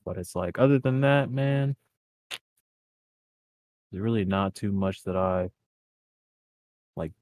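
Laid-back slangy young man, low voice. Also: slow pace, pauses often, a little mellow, dry recording, studio quality. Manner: laid-back and slangy, heavy on filler words. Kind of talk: casual chat.

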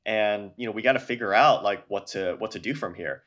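A man's voice: fairly low pitch, brisk, a bit bright, dull audio. Earnest American man full of fillers. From United States. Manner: earnest, many fillers, like and you know. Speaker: news outlet guest. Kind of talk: casual interview talk.

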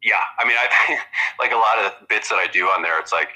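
A man's voice: on the low side, sharp tone, low-quality recording. A man who is a guest comedian, chatting casually on a podcast and rambling with lots of restarts. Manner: rambling, halting with many restarts.

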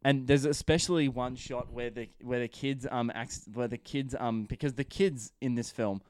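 A man's voice: mid-range voice, steady tone, moderate pace, clean tone. A man talking about a film in a casual chat, enthusiastic and rambling, peppering his talk with "like" and swearing. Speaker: film reviewer.

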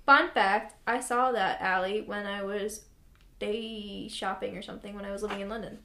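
A woman's voice: medium pitch, flat delivery, normal speed, a bit bright, reverberant, a little hiss or hum. A young woman co-hosting a podcast, chatting casually and sarcastically with many fillers. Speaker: podcast co-host.

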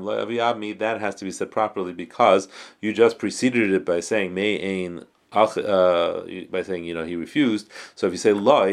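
A man with a very low voice leads a Talmud class. He reads each phrase of the text aloud and then translates it, often restarting and correcting himself as he goes. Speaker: Talmud teacher.

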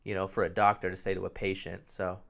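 A young man with a somewhat low voice talks alone into his podcast mic, sounding nasal and phlegmy from a sore throat. He rambles in a loose, self-mocking way and swears freely. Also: level tone, quick pace, gravelly, fairly bright tone. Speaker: podcast host. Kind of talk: rambling solo podcast chat.

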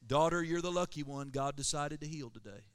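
A kindly, gentle Jesus speaks with soft reassurance, played by a man preaching. The voice sits a touch high and stays warm in manner, calling the listener dear. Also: brisk, dry recording, lightly acted. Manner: tender, reassuring, calls her honey.

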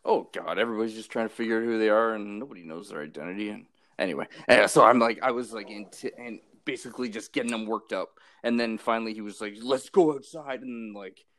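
A man's voice: lowish voice, fast talker, hardly any pauses, fairly bright tone, no echo. Laid-back slangy young man, dry sound. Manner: laid-back, slangy, calls people bro and dude. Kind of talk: casual chat.

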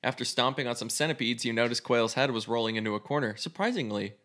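Male host, reads an interactive story aloud casually, mid-pitched. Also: quick pace, fairly bright tone. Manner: casual, swears freely while reading. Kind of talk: reading a choose-your-own story aloud.

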